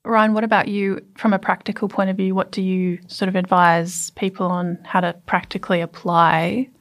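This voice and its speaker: A woman's voice: medium pitch, level tone, moderate pace. A woman hosting a podcast panel, putting loosely phrased, conversational questions to her guests. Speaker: podcast host.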